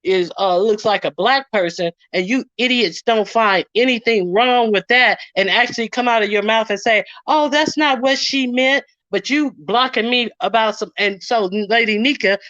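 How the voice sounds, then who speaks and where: A woman's voice: mid-range voice, moderate pace, few pauses, a bit bright, dry recording. Indignant woman streamer, dull dry sound. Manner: indignant, retells arguments in quoted voices. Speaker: commentary streamer. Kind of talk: casual ranting commentary.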